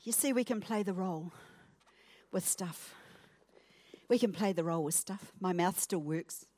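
A woman preaching a sermon, acting out her points in a playful, self-mocking way that swings between loud and soft. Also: lowish voice, normal speed. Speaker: guest preacher. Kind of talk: sermon with acted illustration.

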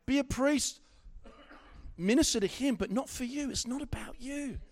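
Middle-aged male preacher, high-pitched, animated sermon delivery with stammered restarts. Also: moderate pace. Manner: animated, swings from loud exhortation to quiet asides, stammering restarts.

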